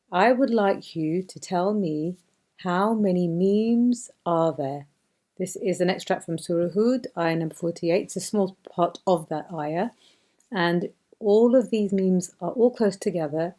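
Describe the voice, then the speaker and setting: Patient woman teaching beginners, mellow voice. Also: fairly low pitch. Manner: patient, repeats words slowly for learners. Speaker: Quran reading teacher. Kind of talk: beginner lesson narration.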